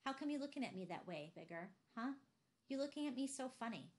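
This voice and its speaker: A woman voicing a soft, stammering younger brother. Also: a little high, animated, brisk, voice pushed up, lightly acted. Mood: puzzled. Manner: hesitant, stammering.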